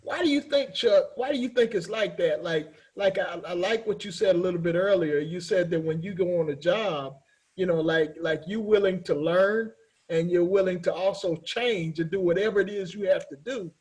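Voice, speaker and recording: A man's voice: sits high, normal speed, a little mellow, slightly rough, low-quality recording. A man hosting a business meetup, asking his guest questions and cheering him on with short replies. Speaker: host. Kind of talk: interview questions.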